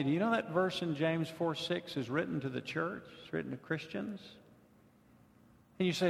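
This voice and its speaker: A man's voice: fairly high pitch, moderate pace, creaky. Humorous conversational male pastor preaching. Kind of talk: sermon. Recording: long hall reverb.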